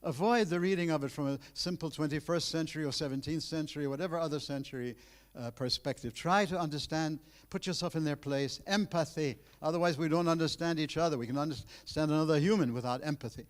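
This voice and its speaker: A man giving a university lecture, animated and emphatic, with frequent restarts, addressing his students directly. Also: a little high, fast.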